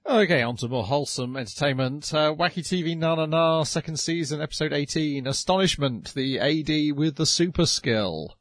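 A man's voice: fairly high pitch, moderate pace, few pauses, no echo. Brief: man, podcast co-host, explanatory tone, close dry sound. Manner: explanatory, looks up details. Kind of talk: casual chat reviewing anime.

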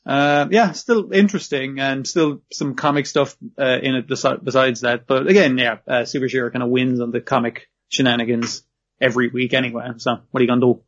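A man's voice: medium pitch, fairly even intonation, fairly quick. A man co-hosting a casual anime review chat, sweary and joking. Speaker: podcast co-host. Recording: dull lo-fi recording.

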